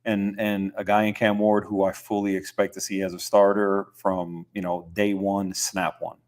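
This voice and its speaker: A young man hosting a podcast, talking football in a relaxed, rambling way with lots of fillers and easy laughs. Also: on the low side, normal speed. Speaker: podcast host. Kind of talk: casual sports chat.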